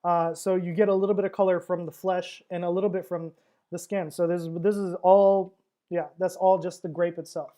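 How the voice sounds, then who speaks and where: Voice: medium pitch, little pitch movement, normal speed, warm tone. A wine seller hosting a casual livestream tasting, talking in a chatty, rambling way with frequent fillers and laughs.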